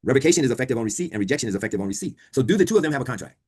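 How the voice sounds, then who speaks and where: A man lectures a law class over a video call, talking quickly in a somewhat husky voice. He quizzes his students and repeats the key points again and again. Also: medium pitch, lively intonation, a little mellow. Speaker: law instructor.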